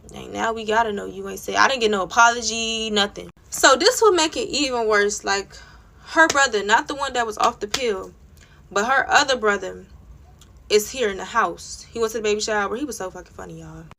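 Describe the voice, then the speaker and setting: Blunt, heated young woman with a bright voice. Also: a little high, a little fast, slight background noise. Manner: blunt, profane, heated retelling with many "like" fillers. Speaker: storytime vlogger. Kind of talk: casual storytime rant.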